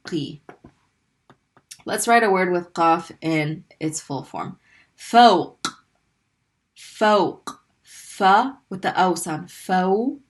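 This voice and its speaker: A woman's voice: lowish voice, a bit bright. A woman teaching a recorded Arabic lesson, patiently repeating sounds for learners to practice.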